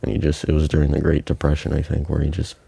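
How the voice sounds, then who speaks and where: Low-voiced man co-host, dry sound. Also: completely flat delivery, fast, vocal fry, warm tone, breathy edge, no room sound. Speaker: podcast co-host. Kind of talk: casual chat.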